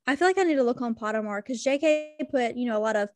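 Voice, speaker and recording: A woman's voice: a little high, animated, darkish tone, no echo. A woman from North Carolina with a Southern twang, co-hosting a podcast in playful, casual chat and swearing freely. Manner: playful, swears freely, drawls words out slowly. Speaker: podcast co-host.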